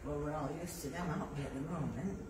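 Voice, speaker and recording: A woman leading a children's library rhyme session, singing action songs and coaxing little ones along in a lively, playful sing-song. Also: low-pitched, fast, far from the mic. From England. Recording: echoey room, voice away from the mic, noticeable background noise.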